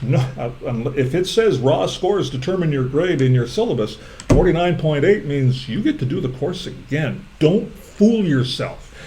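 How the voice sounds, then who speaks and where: A man's voice: a little high, big pitch swings, normal speed, dark tone, a little hiss or hum. A man moderating a casual discussion about studying math, keeping it on track while teasing the others. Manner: teasing, steers the conversation.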